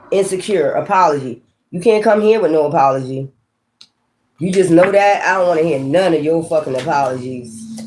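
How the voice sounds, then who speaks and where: A woman's voice: lowish voice, darkish tone, slight background noise. A woman giving a tarot reading in a blunt, profane manner, laughing often and talking straight to the listener. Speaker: tarot reader.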